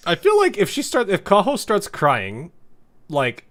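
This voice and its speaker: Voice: mid-range voice, unhurried, faint music behind. A game streamer reading story dialogue aloud with casual commentary, laughing often. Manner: laughs often, reads story lines in an animated way.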